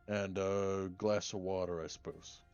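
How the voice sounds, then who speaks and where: A laid-back, joking man plays in a tabletop game. His fairly low voice swings lively up and down, and the audio sounds dull and lo-fi. Faint music plays underneath. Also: takes it slowly, clear, resonant tone. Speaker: player. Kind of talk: casual tabletop play.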